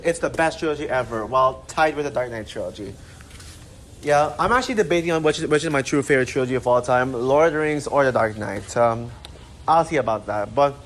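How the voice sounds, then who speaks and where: A man's voice: fairly high pitch, slight background noise. A man ranting unscripted to his channel, exasperated and rambling, with many fillers and restarts. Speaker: channel host ranting about a critic. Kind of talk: unscripted rant to camera.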